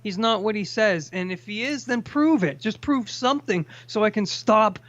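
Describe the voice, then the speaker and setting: A man's voice: high voice, normal speed, fairly bright tone, no room sound. A man hosting a casual call-in chat, ranting with plenty of profanity. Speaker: host. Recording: dull lo-fi sound.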